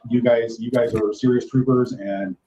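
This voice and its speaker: A man's voice: mid-range voice, steady tone, normal speed, warm tone, roomy sound, highs cut off. A man hosting a live stream from the Philippines, rambling casually and greeting his viewers one by one. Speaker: livestream host. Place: home in the Philippines.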